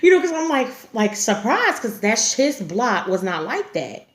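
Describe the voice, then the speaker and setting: A woman vlogger tells a story straight to camera, blunt and salty, breaking into laughter. Her pitch swings widely as she talks. The room around her rings with echo. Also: very animated, measured pace. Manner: frank, profane, laughs often while telling. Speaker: YouTube storyteller. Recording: echoey room.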